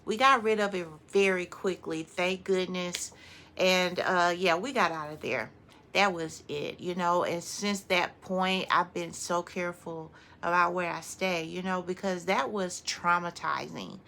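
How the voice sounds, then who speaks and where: A woman vlogger telling a story in a casual, animated way, often laughing and talking straight to her viewers. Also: fairly low pitch, unhurried, gravelly.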